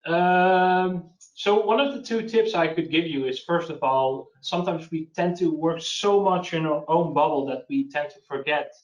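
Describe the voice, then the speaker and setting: A man's voice: on the high side, normal speed, far from the mic. Male webinar presenter, casual Q&A delivery with restarts, echoey video-call sound. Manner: hesitant, restarts, practical advice. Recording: lo-fi roomy web call.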